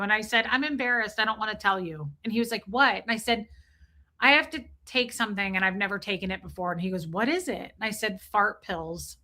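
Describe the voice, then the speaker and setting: A young adult woman telling a story in casual livestream chat, chatty and animated, greeting viewers as she goes. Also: a little high, a little fast. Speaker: streamer.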